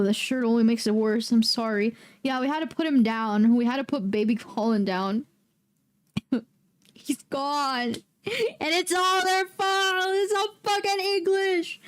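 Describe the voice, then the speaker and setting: A woman's voice: on the high side, a little mellow. A young woman streaming a game, chatting casually in a rambling, jokey, profane way. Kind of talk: casual livestream chat.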